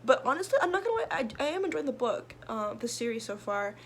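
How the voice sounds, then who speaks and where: A woman's voice: on the high side, big pitch swings, fast, a little hiss or hum. A young woman, a book vlogger, chatting casually about her reading list in a rambling way full of fillers and restarts. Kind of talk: casual chat.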